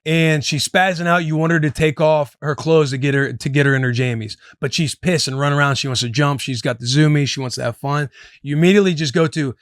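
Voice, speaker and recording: This man's voice sits on the high side, steady and clean, and he talks fast. He's a podcast host in his thirties offering advice in loose chat, dubbing himself "your boy" and calling listeners "boys," recorded in studio quality without echo.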